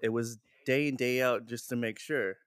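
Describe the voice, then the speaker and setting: A man in casual chat among friends, swearing freely and laughing often, with loud bursts. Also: medium pitch, fairly even intonation, moderate pace, smooth, dry recording.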